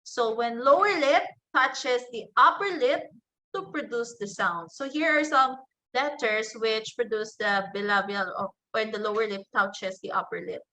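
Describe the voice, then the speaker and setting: A woman teaching an online class into a computer microphone. She talks at an unhurried pace with a bright, somewhat high voice. She pauses often with fillers and says each example word on its own. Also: poor audio. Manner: slow, explanatory, with frequent fillers and restarts; enunciates example words one by one.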